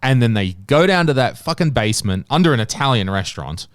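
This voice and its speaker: A man with an Australian accent hosting a podcast, telling stories in a lively, profane way. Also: medium pitch, a little fast, dry recording, studio quality. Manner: animated, profane storyteller. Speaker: podcast host. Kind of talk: casual chat.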